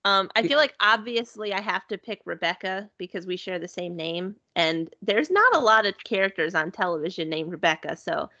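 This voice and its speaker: A woman's voice: mid-range voice, expressive, moderate pace, few pauses, pushed and bright, no room sound, highs cut off. A woman in casual conversation, chatty and upbeat, filling her talk with "like" and "you know". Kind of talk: casual chat.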